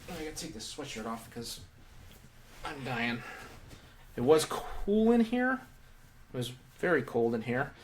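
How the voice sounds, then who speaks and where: A man's voice: medium pitch, animated, measured pace, pauses often. Rambling man in an echoey room. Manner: rambling, thinking aloud with many fillers. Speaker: toy reviewer building a set live. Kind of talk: casual live build commentary. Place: indoor room. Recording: echoey room, mic at a distance, faint hum.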